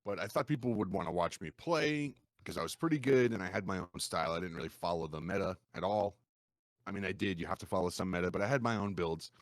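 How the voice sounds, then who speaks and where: Animated man telling gaming stories. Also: low voice, quick pace, no room sound. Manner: animated storyteller, acts out quoted gamers in a raised voice. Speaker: podcast guest, streamer. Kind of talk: casual podcast conversation.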